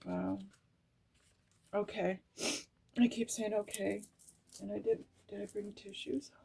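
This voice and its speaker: Woman, middle-aged, tarot reader, slow unhurried delivery, emotional, laughing and tearful asides. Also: mid-range voice, fairly even intonation, creaky, dark tone, slightly rough. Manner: reads card meanings slowly, breaking into laughs and tearful asides. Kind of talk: emotional tarot card reading.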